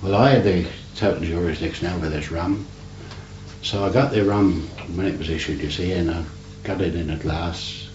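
This navy veteran, an older man, has a deep, slightly mellow voice and talks at normal speed. He rambles through his stories for an oral history interview, frequently adding "you see", on roomy, dull archival tape with faint hiss.

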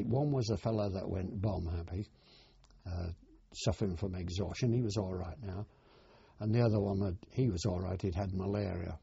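An older man recalls his war years in a slow, plain way, his low voice dark and gravelly. It sounds deeply husky, caught on a dull, dry archive recording. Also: no room sound. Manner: plain, unhurried storytelling. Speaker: war veteran interviewee. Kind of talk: oral history reminiscence.

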